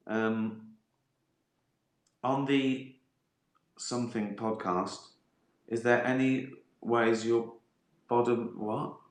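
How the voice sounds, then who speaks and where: A man's voice: mid-range voice, bright, forceful tone. Sweary, laughing man in an echoey room. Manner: sweary, laughs often, acts out voices in asides. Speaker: host of a live stream. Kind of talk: casual live-stream chat reading viewer questions.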